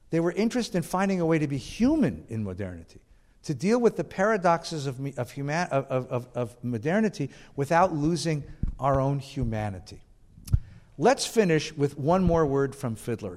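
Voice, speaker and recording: A man giving an animated lecture to a class, with frequent restarts as he works through his ideas. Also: fairly high pitch. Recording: reverberant hall.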